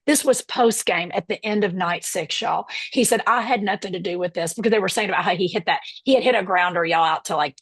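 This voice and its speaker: A middle-aged woman comedian telling an animated story as a podcast guest, acting out the people she quotes. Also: medium pitch, fast talker, hardly any pauses, breathy edge. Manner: animated, acts out quotes in voices. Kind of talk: casual storytelling chat.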